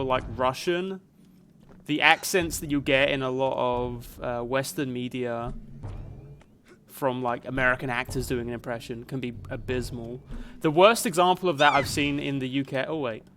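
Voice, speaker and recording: A man's voice: mid-range voice, a bit bright, slight background noise. A young man from Canada, live streaming a video game and musing aloud in a casual, rambling way. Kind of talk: casual chat while playing a video game.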